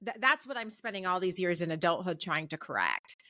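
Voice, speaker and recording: Woman guest in her 30s, crisp bright tone, dry close sound, emphatic encouraging delivery. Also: on the low side, big pitch swings, brisk, no echo. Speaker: guest, communications professor. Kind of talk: conversational podcast interview.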